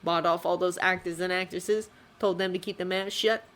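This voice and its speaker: A woman's voice: fairly low pitch, fairly even intonation, moderate pace, a bit bright, natural voice. A woman voicing a cold, cruel vigilante who mocks and threatens. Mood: menacing. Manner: menacing, mocking. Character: menacing vigilante cabbie, young man, cold and cruel.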